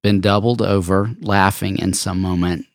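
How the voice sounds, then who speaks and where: A man's voice: low voice, steady tone, normal speed, dry recording, studio quality. A man hosting a podcast, introducing his guests with praise. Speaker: podcast host. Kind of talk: casual interview.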